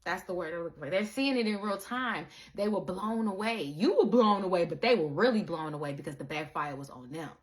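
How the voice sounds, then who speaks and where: Woman, casual spiritual talk, animated, profane, calls listener baby. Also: on the low side, fairly quick, few pauses. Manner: animated, swearing, calls listener baby, acts out quoted people. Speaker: spiritual content creator. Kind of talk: casual spiritual monologue to viewers.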